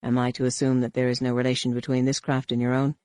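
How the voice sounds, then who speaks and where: A man voicing a disguised, faceless bar owner who questions calmly and sounds amused, in an audiobook. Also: medium pitch, fast talker, clear, resonant tone, no room sound, close to an everyday voice. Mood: probing.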